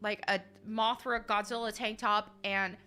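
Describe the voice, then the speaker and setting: A woman's voice: mid-range voice, steady tone, unhurried, bright, forceful tone, smooth, soft background music. A woman streaming a game, chatting casually and reading viewer messages aloud, giggly and chatty with lots of fillers.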